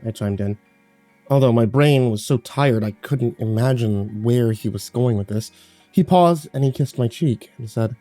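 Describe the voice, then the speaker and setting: A man narrating a horror story in a measured, grave way. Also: medium pitch, warm tone, dry recording. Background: faint music.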